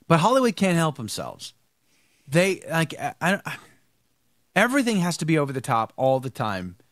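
Man, host, animated, rambling, higher-pitched, very dry sound. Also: measured pace, long pauses, dry recording. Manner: animated, rambling, repeats words. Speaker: show host. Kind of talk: live-stream commentary and chat.

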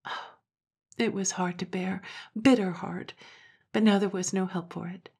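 A woman narrating an old-fashioned story in a soft, hushed, often half-whispered voice. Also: on the low side, steady tone, unhurried, breathy edge.

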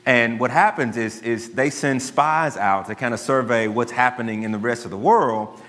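A man, a pastor giving a sermon and telling a story in a relaxed, conversational way. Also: medium pitch, moderate pace, slight background noise. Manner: conversational storytelling, dry asides to the congregation. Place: church sanctuary. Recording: long church hall reverb.

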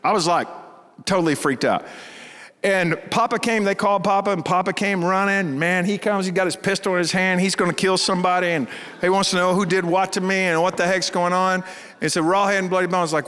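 A middle-aged pastor tells a story from the pulpit, animated and laughing. His voice sits high for a man. It rings out in a hall with a long reverb. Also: brisk, clean tone. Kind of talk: storytelling sermon.

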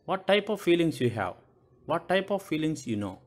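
A man's voice: a little high, very animated, normal speed, darkish tone. A male teacher with an Indian English accent, giving a lesson to young children, asking questions and repeating points.

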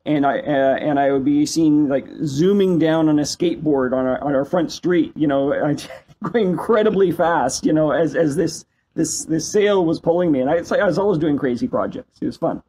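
A man in his fifties from Canada, a company CEO telling stories as a guest in a casual interview, animated and self-deprecating. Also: fairly high pitch, normal speed, husky, low-quality recording. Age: 50s.

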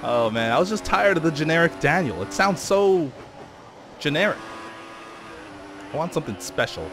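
A man's voice: fairly high pitch, big pitch swings, moderate pace, a bit bright, soft background music. A man hosting a casual racing-game commentary, joking and laughing with a co-host. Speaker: gaming channel host.

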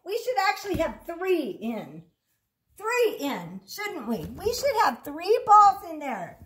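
A woman speech therapist leading children through a slow, enthusiastic word-practice game. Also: high-pitched, a bit bright, slight background noise. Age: adult. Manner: slow, enthusiastic coaching prompts.

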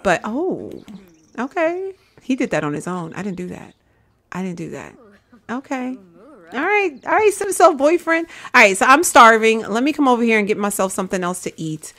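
A woman's voice: fairly high pitch, sing-song, moderate pace, fairly bright tone. A woman hosting a casual let's-play, chatting to viewers and calling them y'all. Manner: chatty, addresses viewers as y'all, breaks into laughter. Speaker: gaming channel host.

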